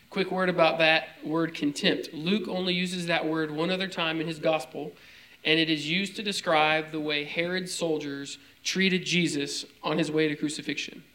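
A young adult man gives a casual, conversational sermon, often stopping to check that his listeners follow. His voice sits a little higher than most men's. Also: fairly bright tone, poor audio. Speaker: pastor.

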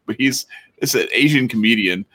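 A man chatting casually on a podcast, laid back and prone to chuckling asides. His voice is bright and a little sharp, at an average pitch. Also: normal speed. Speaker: podcast co-host. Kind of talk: casual chat.

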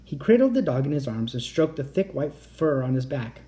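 A man narrating a children's chapter book in a lively storytelling voice. His tone is mellow and warm, and his pitch rises and falls widely as he reads. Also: normal speed. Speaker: audiobook reader. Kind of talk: scripted narration.

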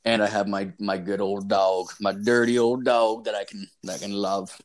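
A man in his thirties with a lowish voice, chatting on his podcast in a loose, rambling way. He swears in nearly every sentence and tells stories about his own life. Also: little pitch movement, moderate pace. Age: 30s. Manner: profane, rambling storyteller, swears constantly. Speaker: podcast host. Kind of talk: casual podcast chat.

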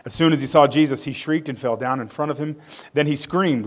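A man's voice: a little high, fairly quick. A male pastor preaching a sermon. He reads scripture aloud, tells it as a story with casual asides, and leads a prayer.

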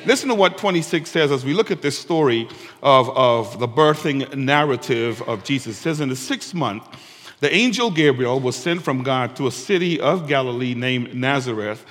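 A pastor preaching a sermon, reading scripture slowly and emphatically and calling on the congregation to respond. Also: male voice, medium pitch, expressive, fairly bright tone. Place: church sanctuary. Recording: long hall reverb with guitar music.

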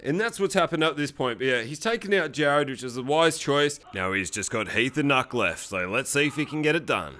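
A man recaps a film as a show host. His voice sits a bit high and sounds smooth and clear. He tells the story casually and with energy, and he swears all the way through. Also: moderate pace, few pauses. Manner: profane, lively storytelling.

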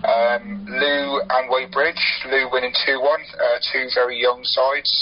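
A man giving a casual local football report on the radio, unhurried and hesitant with frequent ums. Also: on the low side. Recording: dull phone-line sound.

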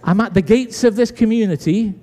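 His voice sits high and moves fairly quickly as this British pastor preaches, enacting the dialogue of the people in his tale with animation. It's recorded in a church sanctuary with long reverb.

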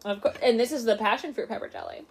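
A woman's voice: a little high, quick pace, slight background noise. Woman in her twenties, podcast co-host, joking casual chat. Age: 20s. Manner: playful, jokey listener.

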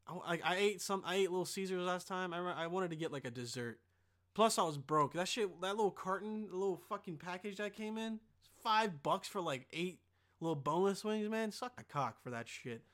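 Casting note: young male podcast host, high and bright-toned, swearing constantly, quick to flare into loud rants. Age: young adult. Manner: profane, excitable, rants with sudden loud bursts. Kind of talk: casual rambling monologue.

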